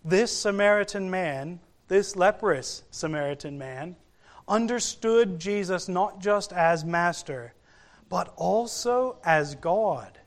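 A man's voice: sits high, lively intonation. A man preaching a sermon, telling a Bible story in a storytelling way and acting out the voices of the people in it. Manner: slow, storytelling delivery that acts out quoted voices.

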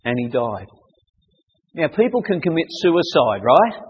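A male preacher with a high voice delivers a sermon to a young audience. He talks in an animated way and breaks into sudden loud acted-out cries. His voice rings with the long reverb of a large hall. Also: unhurried, breathy edge.

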